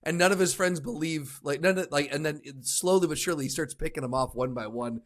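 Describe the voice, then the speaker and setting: A man's voice: on the high side, fast talker. Rambling podcast co-host, a man. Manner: rambling, loose storytelling with many fillers. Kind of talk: casual chat.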